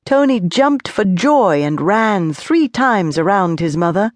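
A woman narrating a children's audiobook with gentle, measured storytelling. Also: mid-range voice, lively intonation, no echo. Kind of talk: scripted narration.

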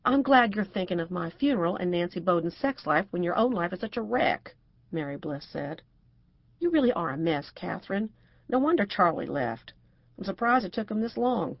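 A woman's voice: fairly low pitch, animated, moderate pace, no room sound, highs cut off. A woman narrator voicing a prim, cautious middle-aged housewife who speaks properly and frets. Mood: prim, fretful. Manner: proper and fretful.

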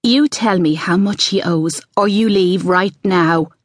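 A woman's voice: medium pitch, a little slow, dry recording, clean studio sound, lightly acted. A woman reading the lines of a frightened but fierce young mother, with a tense, urgent delivery.

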